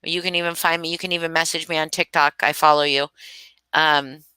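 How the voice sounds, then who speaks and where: A woman's voice: low-pitched, flat delivery, a little fast, pushed and bright, clean tone, no room sound. A woman hosting a casual live stream, gushing and swearing freely as she chats with viewers. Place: home.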